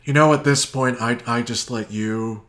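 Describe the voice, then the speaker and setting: A man co-hosting a comedy podcast, telling a story in a mock-grandiose, deadpan way. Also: medium pitch, moderate pace. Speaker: podcast co-host. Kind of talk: casual comedy chat.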